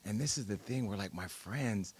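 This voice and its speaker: A man's voice: on the low side, normal speed, a little mellow, slightly rough. A man hosting a podcast in casual, playful chat, laughing and cursing as he talks. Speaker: podcast host.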